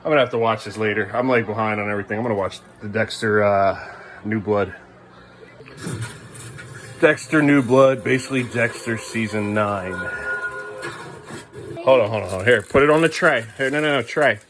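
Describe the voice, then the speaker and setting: A man's voice: fairly low pitch, moderate pace, long pauses, fairly bright tone, a little hiss or hum. A man, a father, talking casually to his kids at home, coaxing and praising them as he goes.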